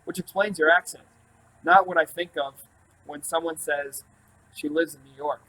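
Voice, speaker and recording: A man's voice: on the high side, fairly even intonation, moderate pace, sharp tone, low-quality recording. A man doing an easygoing young trumpet player. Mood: friendly. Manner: easygoing, joking. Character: friendly, flattering young male trumpet player.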